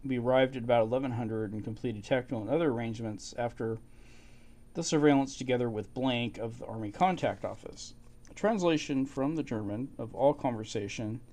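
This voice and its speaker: A man's voice: medium pitch, darkish tone. A man casually reading and retelling old documents, with informal asides and chuckles. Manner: informal, chuckling asides, fillers like "you know". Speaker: amateur history narrator. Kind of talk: casual narration of archive documents.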